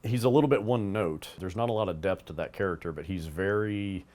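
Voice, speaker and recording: A man's voice: low voice, a little fast, darkish tone. A man co-hosting, talking casually about a cartoon and its toys, rambling with fillers and restarts. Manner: rambling, with fillers and restarts, acts out bits of dialogue.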